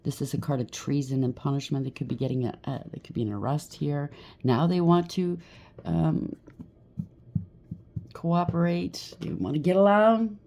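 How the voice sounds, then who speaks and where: A woman's voice: low voice, fairly even intonation, normal speed, pauses often, warm tone. A woman giving a casual tarot reading, chatty and reassuring, often checking in with "okay?" and "right?". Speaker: tarot reader.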